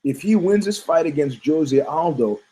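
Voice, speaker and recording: Animated middle-aged man telling stories. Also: fairly high pitch, normal speed, poor audio. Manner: animated storytelling, acts out quoted voices, frequent laughs. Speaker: podcast co-host. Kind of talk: casual opinionated talk.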